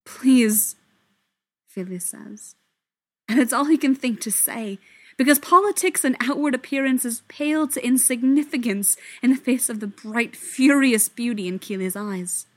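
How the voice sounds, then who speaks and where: A woman narrating a story in a soft voice that often drops to a whisper. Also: a little high, moderate pace. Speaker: story reader.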